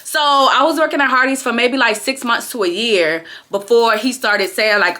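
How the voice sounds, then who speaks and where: A young adult woman telling a casual storytime on her vlog, chatty and slangy, with lots of animated asides to her viewers. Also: moderate pace, hardly any pauses. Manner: animated, slangy, chatty, jumps high for acted-out quotes. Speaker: vlogger.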